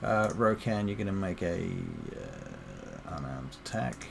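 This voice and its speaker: A man narrating a tabletop game as game master, relaxed and full of fillers. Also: sits low, slow pace, creaky, noisy background.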